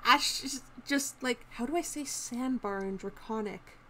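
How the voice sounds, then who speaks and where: A woman's voice: a little high, measured pace, bright, forceful tone, a little hiss or hum. A woman player in a tabletop game, talking casually and hesitantly while fumbling for words.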